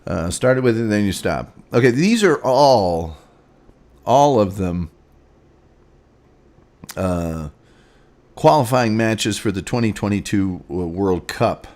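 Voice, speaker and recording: A man's voice: fairly low pitch, expressive, takes it slowly, pauses often, darkish tone. A man hosting a casual sports show, rambling through scores with sarcastic asides. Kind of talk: casual sports commentary and rants.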